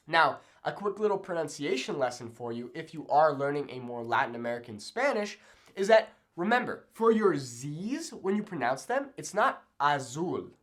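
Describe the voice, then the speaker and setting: Animated young man teaching at a whiteboard. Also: a little high. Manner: upbeat, chatty, checks in with 'okay?'. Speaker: Spanish teacher. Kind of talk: whiteboard language lesson. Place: room with a whiteboard.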